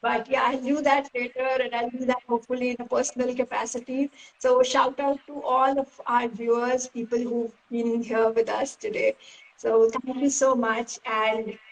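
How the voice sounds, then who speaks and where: A woman's voice: a little high, flat delivery, normal speed, low-quality recording. A woman hosting a casual live-stream interview, thanking her guest politely and leaning on filler words, heard through a phone. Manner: polite, thankful, many "you know" fillers. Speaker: interview host. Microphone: phone on a live video stream.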